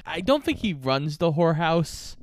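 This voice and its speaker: A man's voice: on the high side, very animated, moderate pace, no echo, studio quality. A man co-hosting a casual movie review chat, laying out the plot in an easygoing way. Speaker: podcast co-host.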